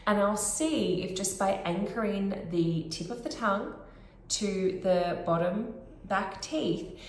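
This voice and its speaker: A woman speech pathologist, explaining therapy techniques clearly and demonstrating sounds. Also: fairly low pitch, echoey room. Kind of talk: instructional explanation to camera.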